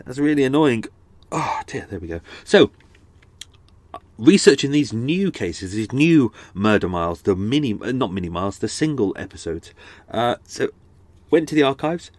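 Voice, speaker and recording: A man's voice: mid-range voice, dry recording. A man hosting a podcast, chatting in a waffly, rambling way with many restarts, his nose a little blocked up, recorded close to a microphone on a houseboat. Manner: waffly, chatty, self-deprecating, lots of restarts. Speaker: podcast host. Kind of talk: casual rambling chat. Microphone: close studio microphone.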